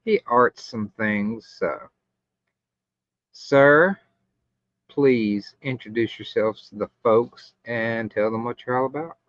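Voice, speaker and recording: Slow, laid-back male livestream host. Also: medium pitch, steady tone, no echo. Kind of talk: casual live chat. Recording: muffled lo-fi stream audio.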